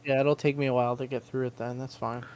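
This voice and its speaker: A man's voice: mid-range voice, little pitch movement, fast talker, a little mellow, no echo. A man co-hosting a casual gaming livestream, rambling and hesitant as he works out what he means. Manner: hesitant, rambling, full of restarts. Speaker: podcast co-host.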